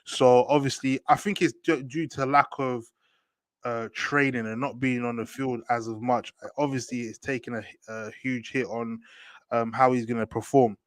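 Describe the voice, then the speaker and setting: A young man hosting a casual football chat, slangy and animated, often asking "do you get me". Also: mid-range voice, moderate pace, no echo. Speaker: host.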